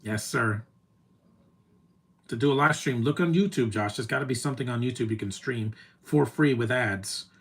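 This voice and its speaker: A man's voice: mid-range voice, normal speed, gravelly. A man live streaming his reactions to a movie, gushing and teary, rambling like an emotional fan. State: teary, choked up. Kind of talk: casual reaction commentary.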